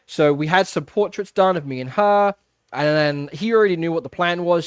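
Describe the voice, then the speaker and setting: A man in his thirties tells a story on his own livestream, chatty and animated, with frequent laughs and filler words. His voice sits at an ordinary middle pitch. The recording is close and dry. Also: no room sound. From England. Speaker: livestream host. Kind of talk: casual livestream chat. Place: home fish room.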